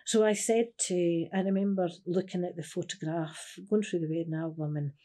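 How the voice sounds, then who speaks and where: A Scottish woman in her sixties speaks in an interview with a low, mellow voice. She tells her story earnestly and keeps slipping into "I says" as she recounts what was said. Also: steady tone, normal speed. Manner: earnest, repeats "I says", acts out remembered dialogue. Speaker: interviewee, carer's widow.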